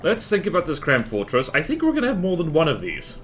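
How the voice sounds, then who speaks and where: A man's voice: fairly high pitch, wildly swooping pitch, quick pace, fairly bright tone, faint music behind. A man live-streaming a building game, chatting with his viewers and thinking aloud in a playful, self-mocking way.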